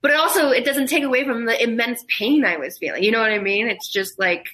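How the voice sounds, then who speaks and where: A woman talking as a guest on a casual podcast. Her voice is bright and forward. She rambles, restarts her thoughts over and over, and laughs even while describing something painful. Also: a little high, quick pace, poor audio. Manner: rambling, self-interrupting, laughs through grief. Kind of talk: casual chat.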